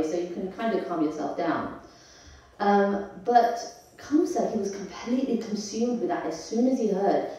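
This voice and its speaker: A woman's voice: mid-range voice, dark tone. A woman giving a devotional scripture class in a conversational way, asking her audience questions as she goes. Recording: echoey temple hall, voice from far off.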